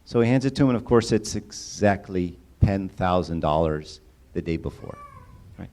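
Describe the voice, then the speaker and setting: A man's voice: deep voice, animated, normal speed, a little mellow. A man giving a conversational sermon-style talk, often asking the audience questions and checking in with "right?". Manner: casual, engages audience with questions and repeated "right?". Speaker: church speaker.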